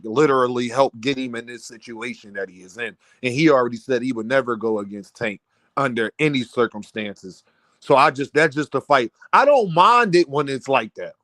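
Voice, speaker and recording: A man hosting a casual boxing commentary stream, heated and animated, often repeating himself and breaking into near-shouts. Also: mid-range voice, no echo. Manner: many restarts and repeated fillers.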